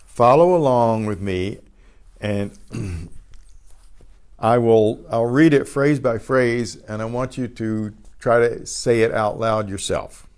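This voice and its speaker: A man teaching a Spanish pronunciation class. He says each word slowly and repeats it, and he often clears his throat. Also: medium pitch, darkish tone. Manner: models words slowly and repeats each one twice. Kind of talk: pronunciation lesson.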